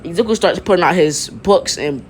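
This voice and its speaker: Halting man improvising a fan story. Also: high-pitched. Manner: halting, repeats and restarts phrases. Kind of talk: improvised fan-fiction narration. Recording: faint background noise.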